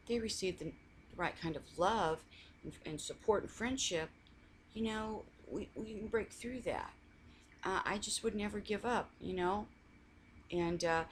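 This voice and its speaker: Low-voiced woman in a rambling chat. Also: slight background noise. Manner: rambling, warm storytelling with many restarts; laughs while telling family stories. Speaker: faith vlogger. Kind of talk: casual coffee chat.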